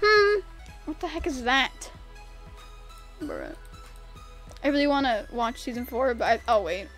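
With a high voice and a slightly slow delivery, a young woman streams a game while faint music plays. She chats casually, answering chat questions she reads aloud, and her frustrated reactions jump between mumbles and shrieks.

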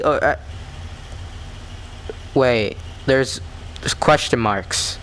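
A man talking through a virtual reality horror game, with excitable, jumpy reactions and rambling asides. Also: medium pitch, brisk, slight background noise. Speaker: gamer. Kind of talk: let's play commentary.

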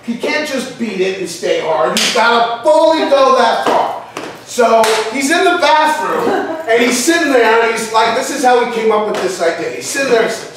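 A man's voice: extremely high pitch, expressive, normal speed, background noise. A man, an acting teacher, telling a profane story in a casual way to a class, acting out his friends' voices. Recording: echoey room, far from the mic.

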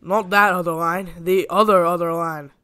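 A man's voice: sits high, fairly even intonation, normal speed, sharp tone, smooth, no echo, clean studio sound. A man voicing a proud, peppery male Scottish twin steam engine with a snappish, huffy manner. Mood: exasperated.

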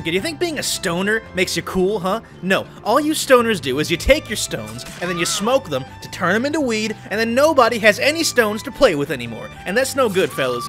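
Young man, gameplay commentary, deadpan comedy, bright tense voice, animated pitch, loud outbursts. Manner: deadpan ironic narration with sudden loud outbursts. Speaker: gaming YouTuber.

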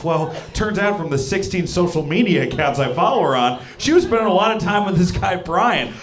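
A man doing a stand-up set on a club stage, self-mocking and quick, slipping into acted-out voices. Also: high-pitched, lively intonation, a crowd in the background. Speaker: stand-up comedian. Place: comedy club stage before a laughing crowd. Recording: echoey club with audience noise.

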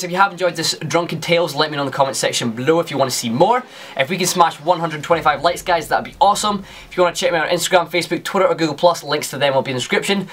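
A man's voice: on the high side, fairly bright tone. A young Scottish man telling a casual, rambling story to camera as a YouTuber, with lots of fillers and restarts.

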